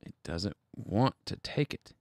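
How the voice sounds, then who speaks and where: A man's voice: on the low side, animated, a little slow, darkish tone, dry recording. A man hosting a casual livestream from his home studio, rambling and thinking aloud as he troubleshoots, with self-deprecating asides. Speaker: livestream host.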